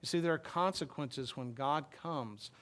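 A male pastor preaching a sermon in a conversational way, reading scripture slowly and explaining it with frequent restarts. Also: on the high side, a bit bright. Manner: reads scripture aloud slowly, then explains it plainly.

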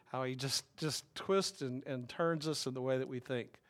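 A man's voice: medium pitch, steady tone, normal speed. A man preaching a sermon as a pastor, talking in a wry, conversational way and putting questions to his listeners.

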